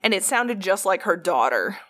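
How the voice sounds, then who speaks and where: A woman retelling stories in a loose, chatty way, swearing freely and padding her sentences with fillers. Her voice sits at a middle pitch, and she moves at an ordinary pace. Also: big pitch swings, moderate pace, fairly bright tone. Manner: chatty, profane, heavy on fillers. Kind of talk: casual storytelling.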